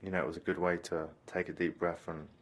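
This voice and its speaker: Low-voiced man reflecting on his film. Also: level tone, quick pace, a little hiss or hum. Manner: thoughtful, searching for words. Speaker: filmmaker giving a commentary track. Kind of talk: reflective commentary.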